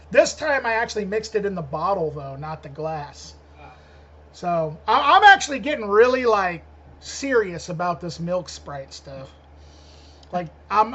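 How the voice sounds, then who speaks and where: A man's voice: sits high, fairly bright tone, breathy edge, muffled recording. A man co-hosting a podcast over an internet call, rambling casually with lots of laughter and restarts. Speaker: podcast co-host. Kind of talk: casual chat. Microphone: remote call over the internet.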